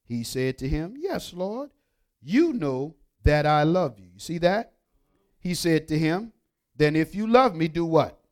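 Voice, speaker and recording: Male preacher, high voice, call-and-response sermon delivery, hushed-to-emphatic. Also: animated, a little slow. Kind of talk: sermon with scripture reading.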